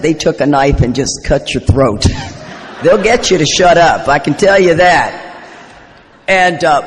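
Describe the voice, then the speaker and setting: Rambling, joking woman in a hall. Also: low-pitched. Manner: humorous, self-deprecating, rambling. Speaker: recovery convention speaker. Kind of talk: storytelling recovery talk. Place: convention hall. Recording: live talk in echoey hall.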